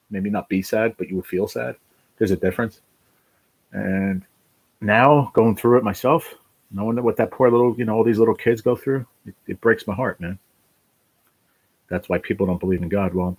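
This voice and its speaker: Husky middle-aged guy chatting to his viewers, blunt, swears a lot, rambles, lowish voice. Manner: emotional, swears freely, rambling. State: fighting back tears. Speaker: channel host. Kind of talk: casual livestream chat.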